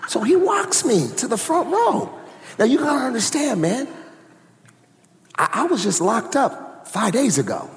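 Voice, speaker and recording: A man preaching a sermon, telling his testimony in a lively, conversational way with asides to the congregation. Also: very high-pitched, a little slow, vocal fry, slight background noise. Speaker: pastor. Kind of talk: storytelling sermon. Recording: long reverb of a large hall.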